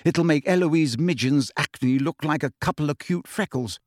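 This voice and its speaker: A man reading aloud and voicing a clever, bossy teenage schoolgirl witch with a brisk, prim manner. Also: a little high, a little hiss or hum, pitched above the performer's own voice, lightly acted.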